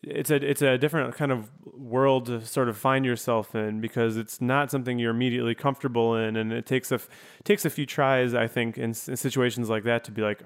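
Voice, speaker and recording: A man hosting a loose, friendly interview. His voice is smooth and resonant at a middle pitch, and he rambles easily from thought to thought. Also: brisk, hardly any pauses. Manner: relaxed, rambling, laughs often. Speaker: podcast host. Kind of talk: casual interview chat.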